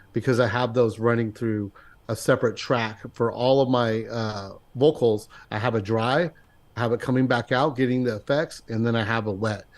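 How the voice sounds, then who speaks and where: A man, a guest musician, calmly explaining his stage mixing setup in a methodical way. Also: medium pitch. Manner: steady, methodical. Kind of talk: casual technical explanation.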